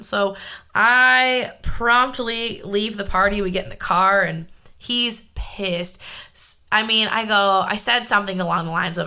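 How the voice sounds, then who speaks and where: A woman's voice: mid-range voice, a little slow, pushed and bright. A young woman hosting a podcast, telling a personal story in a casual, candid way, swearing freely and filling her talk with "like". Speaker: podcast host. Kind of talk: confessional storytelling monologue.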